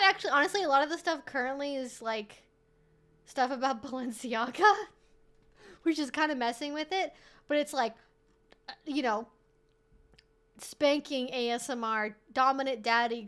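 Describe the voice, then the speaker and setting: Chatty high-voiced woman streamer. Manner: animated, swearing, rambling with laughs. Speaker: streamer host. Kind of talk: casual live-stream chat.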